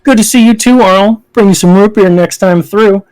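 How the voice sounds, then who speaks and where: A man's voice: on the high side, animated, normal speed, a little mellow, no echo, low-quality recording. A man voicing a cheerful tour-bus guide with a folksy, upbeat patter. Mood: chirpy.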